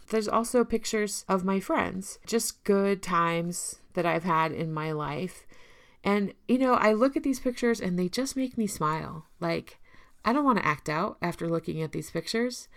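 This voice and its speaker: A woman with a somewhat low voice and a gravelly fry, talking earnestly about her recovery. She addresses listeners directly and encourages them. At times she becomes emotional and laughs softly. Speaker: recovery speaker. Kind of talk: personal talk showing her emergency kit.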